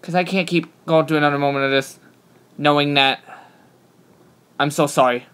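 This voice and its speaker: A man's voice: on the high side, fairly even intonation, moderate pace, fairly bright tone, clear, resonant tone. Hesitant, apologetic young streamer man. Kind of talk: casual live stream chat.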